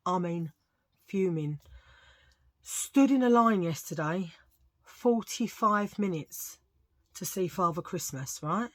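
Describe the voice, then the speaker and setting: A chatty woman with a Cockney accent tells jokey stories in a low-pitched voice, wandering off into asides. She talks casually to her viewers from home. The sound is dry and close, with no room echo. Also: animated, slow pace, pauses often. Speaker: vlogger. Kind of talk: casual chat. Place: at home, sitting under a lamp.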